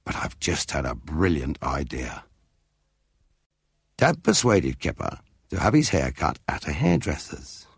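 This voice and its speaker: A man reading a children's storybook aloud with an expressive, lively manner. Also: on the low side, gravelly, slightly rough, no room sound, clean studio sound. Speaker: narrator.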